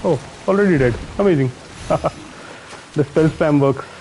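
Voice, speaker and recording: A man's voice: on the high side, measured pace, a little mellow, slight background noise, poor audio. A man from India with an Indian accent, giving casual commentary on his own gameplay, muttering to himself and chatting with viewers. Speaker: streamer.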